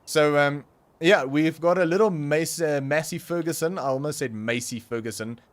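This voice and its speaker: A man's voice: fairly high pitch, moderate pace. A young South African man with a South African accent, chatting casually and rambling through a game livestream, with frequent ums and self-corrections. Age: young adult. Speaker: streamer.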